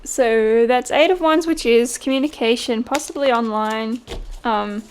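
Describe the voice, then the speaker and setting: A woman giving a casual tarot reading, chatty and quick to laugh. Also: on the high side, a little hiss or hum. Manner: chatty, laughs often, mimics voices in quotes. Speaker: tarot reader.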